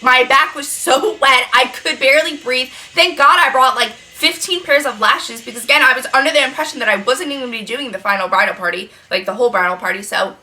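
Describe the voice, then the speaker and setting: This high-voiced woman in her twenties works as a freelance makeup artist. While doing her makeup, she tells a story about a client in a chatty, animated, profane way.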